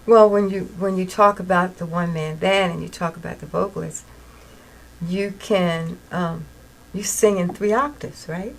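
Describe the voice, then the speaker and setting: A woman's voice: fairly low pitch, steady tone, normal speed, gravelly, rough recording. Female interview host, encouraging, lots of "mm-hmm", faint hiss behind. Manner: encouraging, frequent backchannel agreement. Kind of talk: casual interview chat.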